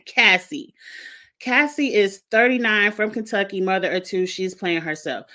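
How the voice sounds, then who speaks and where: A woman's voice: mid-range voice, a little slow, bright, forceful tone. A woman in a mid-range voice hosts a casual reality show recap. She is chatty and frank, with strong opinions. She sometimes turns to address the contestants directly. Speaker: reality show reviewer, host.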